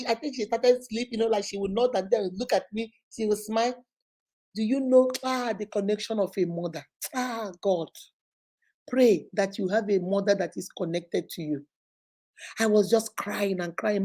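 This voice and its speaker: A Nigerian woman in her forties with a Nigerian accent, hosting and telling a personal story in an animated, dramatic way with frequent laughter. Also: medium pitch, normal speed. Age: 40s. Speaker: host. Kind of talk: storytelling to viewers.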